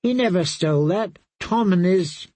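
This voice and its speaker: A confused young girl asks her questions in a plaintive, guarded voice, played by a male narrator. The voice is pitched well above his own and a little husky. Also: animated, normal speed, warm tone, no room sound.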